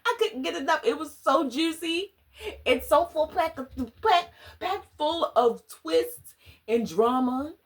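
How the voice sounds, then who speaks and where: A woman chatting casually in a book review vlog, animated and slangy, dramatic and often laughing. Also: high-pitched, slow pace. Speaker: book vlogger.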